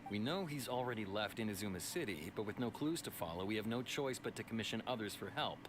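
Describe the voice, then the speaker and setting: A man's voice: on the low side, lively intonation, fast, noisy background, lightly acted. An actor playing a stern male city guard officer in a video game, giving a formal, briefing-like account.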